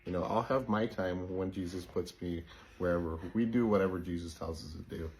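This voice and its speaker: A man's voice: low-pitched, brisk, darkish tone, slight background noise. A man talking casually to his viewers in an earnest, plain-spoken way and reassuring his partner. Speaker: co-host of a religious channel.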